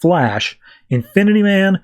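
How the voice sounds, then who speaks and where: A man's voice: sits high, big pitch swings, measured pace. A man hosting a podcast, giving a casual comic book review in a wry, self-deprecating way. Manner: wry and self-deprecating, loose recap talk. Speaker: podcast host.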